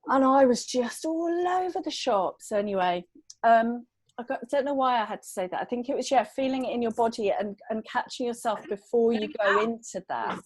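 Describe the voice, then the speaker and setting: Animated woman telling a story on a call. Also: on the high side, brisk, no room sound, poor audio. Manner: animated, self-deprecating storyteller. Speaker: podcast regular in sobriety group. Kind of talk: casual group chat.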